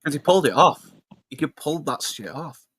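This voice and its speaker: A man's voice: fairly high pitch, animated, moderate pace, a bit bright, husky. A man hosting a casual podcast discussion, laid-back and sweary, with plenty of fillers. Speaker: podcast host.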